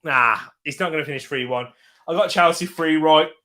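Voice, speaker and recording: A man's voice: fairly high pitch, a little fast, bright, forceful tone. A young man hosting a live football watch-along from a home setup, chatting upbeat with his viewers and laughing often.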